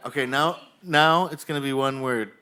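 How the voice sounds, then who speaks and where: A man hosting a live comedy show on a bar stage, directing the audience in a rambling, halting, jokey way with lots of fillers. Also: mid-range voice, background noise.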